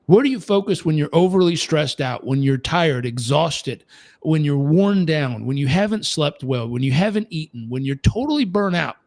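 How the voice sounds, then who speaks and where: High-voiced emphatic male coach. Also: lively intonation, moderate pace, a little mellow, dry recording. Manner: emphatic, rhetorical questions, preachy. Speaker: performance coach. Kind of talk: motivational talk.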